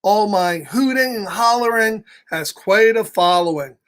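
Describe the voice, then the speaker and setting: A man reading the lines of a boastful young boy from a picture book aloud to children, in slow, sing-song rhyme. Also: high-pitched, lively intonation, a bit bright. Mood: proud, sing-song. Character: boastful young boy proud of his noisy bottom.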